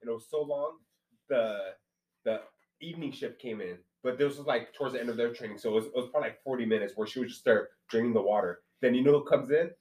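A man's voice: mid-range voice, quick pace, a little mellow. A young man telling a workplace prank story in a laid-back way, chuckling as he goes. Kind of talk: casual storytelling among friends. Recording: roomy, echoey sound.

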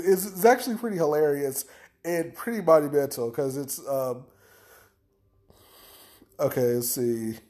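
Host recapping a book casually: a man, slightly high voice, rambling and hesitant. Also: a little mellow. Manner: rambling, hesitant, lots of fillers.

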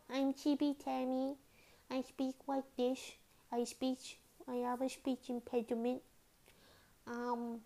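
A woman's voice: on the high side, mellow. A teenage girl voicing a babyish little chibi girl with a speech impediment, in a silly, whiny baby talk. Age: teens. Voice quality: childish lisping baby talk.

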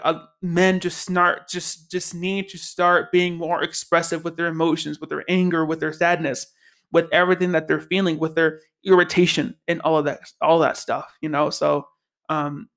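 A man with a notably high-pitched voice hosts a spiritual podcast solo. He talks in a casual, heartfelt way and hammers his points home by repeating them. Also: fairly bright tone. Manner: passionate, emphatic and repetitive. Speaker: podcast host.

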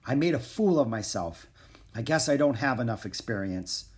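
A man's voice: medium pitch, animated, normal speed, close to an everyday voice. Brief: man doing a bubbly storybook girl, upbeat and coaxing, lifted voice. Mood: breathless. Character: eager cheerful young girl, Annie.

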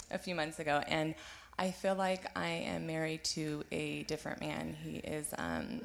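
Brief: woman testifying in church, low-ish gravelly voice, bright and lively. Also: slight background noise. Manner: upbeat, laughing, grateful. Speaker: church member giving testimony. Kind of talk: personal testimony. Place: church sanctuary.

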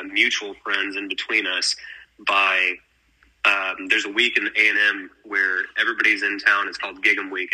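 A young man from Texas hosts a podcast, rambling through recaps with lots of "um" and "like." His voice sits slightly low, very bright and a bit husky, like a radio-style podcast. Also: poor audio. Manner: rambling, filler-heavy recaps. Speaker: podcast host. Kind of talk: casual chat.

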